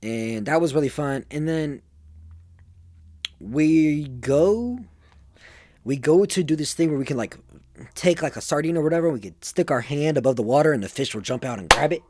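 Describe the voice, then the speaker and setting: A man's voice: on the high side, expressive, normal speed, darkish tone, no room sound. An eighteen-year-old man telling stories casually, rambling and full of fillers. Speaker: vlogger. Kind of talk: casual storytelling.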